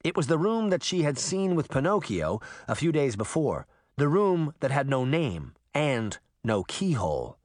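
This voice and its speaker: Male audiobook narrator, lively pitch, dry close sound, mid voice. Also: a little slow, hardly any pauses, no room sound. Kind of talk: scripted narration.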